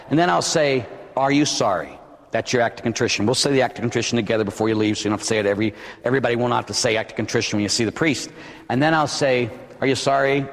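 A man, a Catholic priest, preaching a sermon in a blunt, joking, rapid-fire way. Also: mid-range voice, in a large hall.

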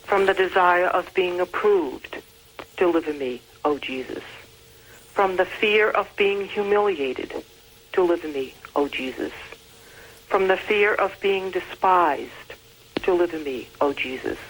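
Woman caller, devout litany reader, low-pitched, steady measured cadence. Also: rough recording. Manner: steady, devout, repetitive call-and-response cadence. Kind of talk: reciting a litany prayer.

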